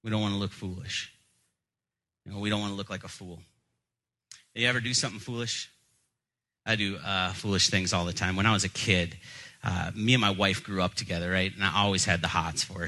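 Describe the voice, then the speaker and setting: A man's voice: deep voice, steady tone, a little fast, bright, forceful tone, rough recording. A young adult male pastor preaching a sermon, telling jokey, self-deprecating stories from his childhood.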